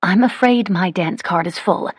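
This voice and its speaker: A woman's voice: fairly low pitch, moderate pace, breathy edge, no room sound. A woman voicing a witty, bookish young American lady who answers in a dry, polite, curt manner. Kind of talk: audiobook character voice.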